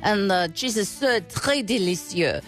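A woman's voice: medium pitch, expressive, a little slow, faint music behind, lightly acted. A woman putting on an exaggerated, playful French accent.

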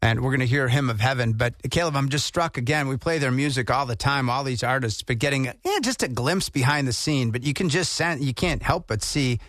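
A man hosting a radio show, chatting in a relaxed way and introducing songs. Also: mid-range voice, fairly quick, hardly any pauses, no echo, studio quality. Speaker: radio host. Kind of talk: casual radio chat.

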